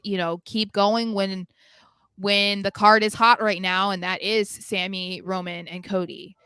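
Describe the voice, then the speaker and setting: A woman's voice: medium pitch, fairly bright tone, smooth, no room sound. A young adult woman co-hosting a podcast, chatting casually about wrestling with strong opinions and lots of fillers. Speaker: podcast co-host.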